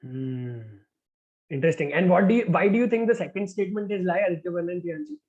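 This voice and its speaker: A man's voice: high-pitched, quick pace, a little mellow. A man hosting an online group activity, chatty and encouraging, often saying "all right". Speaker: activity host. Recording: dull lo-fi call audio.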